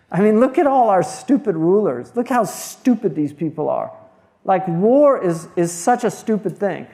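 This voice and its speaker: A man's voice: sits high, dark tone. Man, from the US, informal lecture, blunt, digressive, conversational. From United States. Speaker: Islamic scholar lecturing.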